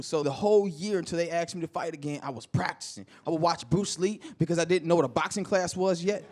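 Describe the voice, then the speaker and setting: A male stand-up comedian telling an animated story and acting out the people in it, recorded live with audience laughter. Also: a little high, fast talker, hardly any pauses. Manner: animated, acts out voices of people in his stories.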